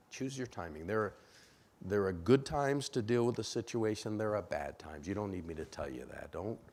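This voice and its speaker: A man from Rhode Island giving a relationship seminar in a church, animated and acting out bits of dialogue. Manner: animated, acts out dialogue with sudden pitch jumps. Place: church sanctuary.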